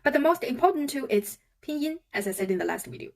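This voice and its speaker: Higher-voiced woman teaching a language. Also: big pitch swings, quick pace, creaky, a little mellow. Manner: patient, demonstrates sounds aloud. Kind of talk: online language lesson.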